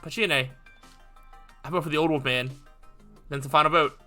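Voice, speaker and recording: A man playing a visual novel, reading its text aloud with commentary, quick and full of "uh" fillers. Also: fairly high pitch, faint music behind. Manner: fast, animated reading with frequent "uh" fillers. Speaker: gaming video host.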